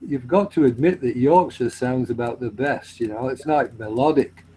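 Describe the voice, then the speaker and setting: A man's voice: medium pitch, moderate pace, warm tone, slight background noise, low-quality recording. A man hosting a livestream, bantering casually and swearing freely.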